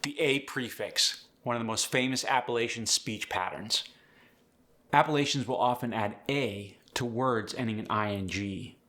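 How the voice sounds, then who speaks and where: A man's voice: medium pitch, moderate pace, sharp tone. A man explaining and demonstrating accent features as a coach in a tutorial. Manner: clear, explanatory, demonstrates example words.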